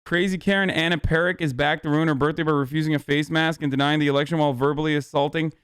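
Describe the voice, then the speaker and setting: A man's voice: on the high side, steady tone, quick pace, fairly bright tone, clear, resonant tone, dry recording, clean studio sound. A man streaming live, reacting to a video with rambling, profane, joking commentary. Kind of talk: casual livestream commentary.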